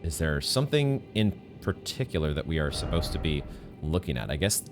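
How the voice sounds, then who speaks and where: A deep-voiced man commentating his own gameplay, musing aloud in a chatty, playful way. Faint game music plays under his voice. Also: very animated, a little fast. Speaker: streamer.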